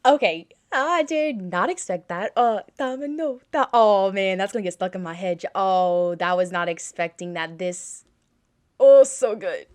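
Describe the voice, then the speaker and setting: Woman, reaction host, excitable and gushy, cries out constantly and cheers herself on, mid-range voice. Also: mid-range voice, unhurried, faint music behind. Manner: gushing, exclaims often, talks to herself. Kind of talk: excited music video reaction.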